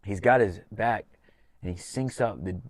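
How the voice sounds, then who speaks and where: Male podcast host, low register, dry close mic, animated profane storyteller. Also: unhurried, dry recording. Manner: animated storyteller, swears freely, acts out corner talk. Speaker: podcast host and MMA coach. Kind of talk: casual podcast chat.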